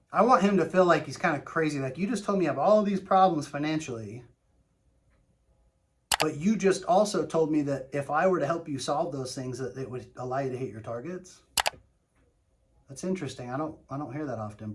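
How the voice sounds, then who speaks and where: A man's voice: a little high, lively intonation, fairly quick. A man coaching on sales calls, speaking emphatically and often checking in with "right?". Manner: emphatic, keeps asking "right?". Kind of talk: coaching talk with role-play demos.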